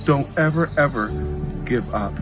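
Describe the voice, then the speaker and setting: A man's voice: medium pitch, a little slow, rough recording. Heartfelt storytelling man with music behind. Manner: heartfelt, encouraging, acts out quoted lines. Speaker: motivational speaker. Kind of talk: personal storytelling talk to kids.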